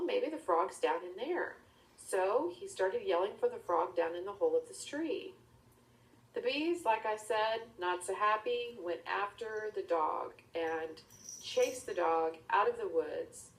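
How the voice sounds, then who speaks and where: Woman telling a story from afar. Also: mid-range voice. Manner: chatty, dropping into whispered asides. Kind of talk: casual storytelling. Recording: roomy, distant mic.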